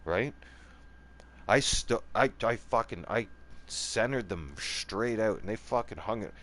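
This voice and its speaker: Angry, low-voiced man in a profane rant. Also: expressive, measured pace, fairly bright tone. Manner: profane, repetitive, keeps asking "right?" and "okay?"; angry and defiant, voice rising and falling. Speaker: gaming channel host. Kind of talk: heated monologue rant.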